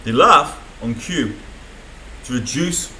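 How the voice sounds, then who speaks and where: A man's voice: medium pitch, lively intonation, slow, bright, forceful tone, roomy sound, slight background noise, low-quality recording. A man rambling through an unscripted video diary from a room in a mental health hospital, swearing often. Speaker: vlogger.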